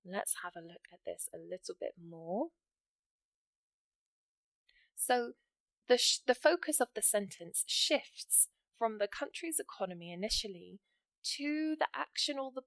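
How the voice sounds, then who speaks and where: With a medium-pitched, gravelly voice and no echo, a woman teaches English writing for an exam. She encouragingly walks through example sentences step by step, explaining the grammar needed for the writing test.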